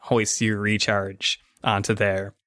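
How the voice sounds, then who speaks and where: A man runs a tabletop game with loose, chatty narration, asking players what happens next. His voice sits a little low, and the recording is dry with no room sound. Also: flat delivery, slow pace, fairly bright tone, no room sound. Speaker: game master.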